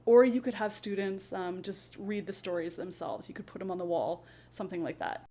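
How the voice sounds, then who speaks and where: A woman's voice: on the low side, brisk, a little hiss or hum. Chatty woman explaining classroom activities. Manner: chatty, relaxed, frequent ums and "kind of". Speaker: ESL teacher and channel host. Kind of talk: casual teaching explainer.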